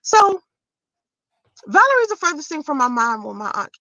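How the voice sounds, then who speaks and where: A woman's voice: high-pitched, big pitch swings, normal speed, sharp tone, no room sound, muffled recording. A woman vlogger telling a story in a casual, profane rant, voice jumping into shrieks of disbelief.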